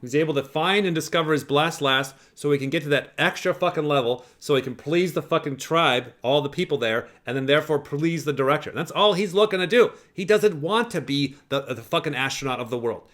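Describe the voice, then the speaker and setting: Male host, slightly higher voice, loose profane commentary. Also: brisk, hardly any pauses, fairly bright tone. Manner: rambling, profane, fillers. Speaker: podcast host analyzing clips. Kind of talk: casual commentary.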